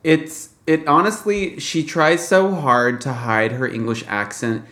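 A co-host, quick with joking asides. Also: medium pitch, steady tone, fairly bright tone, reverberant. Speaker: podcast co-host. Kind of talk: casual film review chat.

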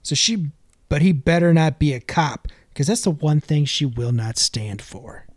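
A man's voice: fairly high pitch, animated, a little slow, no room sound. Laid-back man recapping a movie. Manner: laid-back, narrates scenes with jokey asides. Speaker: podcast host. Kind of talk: casual movie recap podcast.

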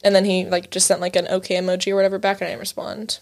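A woman's voice: mid-range voice, monotone, racing. A young woman in her twenties co-hosting a casual chat show, candid and swearing freely, acting out the voices of people in her stories. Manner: candid, swears freely, acts out quoted dialogue. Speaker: podcast co-host.

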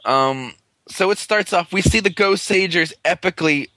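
A man's voice: high-pitched, moderate pace, pushed and bright, dry recording, low-quality recording. A man hosting a podcast, chatting in an offhand, self-mocking way. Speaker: podcast host. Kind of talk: casual chat.

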